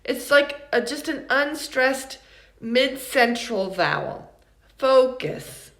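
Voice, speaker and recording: A woman teaches pronunciation slowly and deliberately, saying each example word carefully and then again. Her voice sits a little high. The room around her gives an echoey ring. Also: sing-song, vocal fry, a bit bright. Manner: slow, deliberate, repeats model words for learners. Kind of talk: recorded online lesson.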